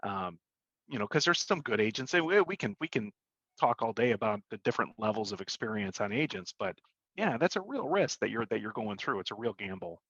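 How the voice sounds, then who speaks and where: A man's voice: on the low side, sing-song, a bit bright, slightly rough, dry recording. A man co-hosting a casual real estate chat, stumbling and restarting as he gathers his thoughts. His voice comes through a slightly muffled, dry line with no room sound. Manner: halting, many fillers and restarts. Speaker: realtor and co-host.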